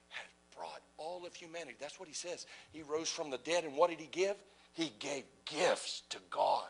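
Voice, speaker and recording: A man preaching a passionate sermon, asking rhetorical questions and swinging between loud exclamations and hushed whispers. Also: fairly high pitch, normal speed, vocal fry, few pauses, slightly rough, rough recording. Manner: asks the audience rhetorical questions.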